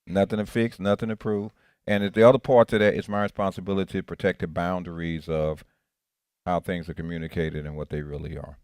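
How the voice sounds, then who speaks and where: A man's voice: low-pitched, level tone, a little fast, a little mellow, clear, resonant tone, no echo, studio quality. A male pastor giving an interactive sermon, earnest, often repeating and restarting his phrases. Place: church.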